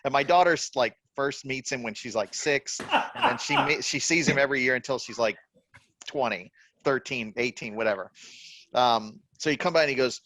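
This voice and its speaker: A man's voice: mid-range voice, moderate pace, fairly bright tone, dry recording. A man in his fifties telling blunt, profane stories as a guest in a casual chat. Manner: blunt, profane, laughing storyteller. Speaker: reptile breeder guest. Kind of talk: casual storytelling.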